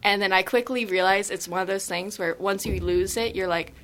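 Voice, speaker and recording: Gushing bright-voiced teenage girl. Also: mid-range voice, fairly even intonation, brisk. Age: teens. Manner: gushing, enthusiastic storyteller who acts out quotes. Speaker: high school theater student guest. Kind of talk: casual interview chat.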